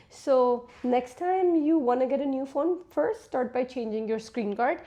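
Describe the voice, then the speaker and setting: Talking casually to camera, a woman in her twenties offers candid life advice the way a big sister would. She has a high voice with a dark tone and takes her time. She's a lifestyle vlogger.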